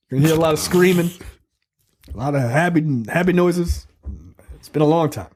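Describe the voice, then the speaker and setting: A man's voice: a little high, moderate pace, pauses often, a little mellow. A man with a slightly raised voice talks loosely and crudely on a podcast, cracking jokes and slipping into acted-out quotes. He rambles with fillers and laughs at his own bits. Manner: profane, joking, acts out quotes. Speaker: podcast co-host reviewing a film. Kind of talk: casual comedic chat.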